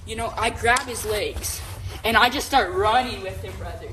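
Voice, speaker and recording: A young woman co-hosting a podcast, telling a long story in a casual, animated, rambling way with lots of fillers and "right?" checks. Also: medium pitch, normal speed, noisy background. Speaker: podcast co-host.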